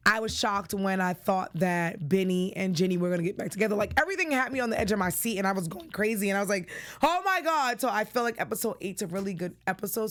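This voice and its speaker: A young woman from the Boston area with a Boston accent, hosting a solo TV recap show in a chatty, excitable way, full of shout-outs. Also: mid-range voice. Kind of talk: casual chatty episode recap.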